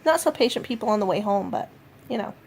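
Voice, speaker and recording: A woman rambling casually through a home food diary vlog, often pausing with fillers and correcting herself. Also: mid-range voice, lively intonation, creaky, darkish tone, slight background noise. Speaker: vlogger.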